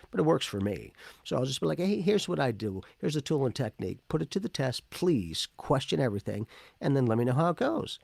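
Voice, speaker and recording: Gravelly, animated man in spiritual talk. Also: medium pitch, dry recording. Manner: animated, acts out quoted people. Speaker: podcast co-host.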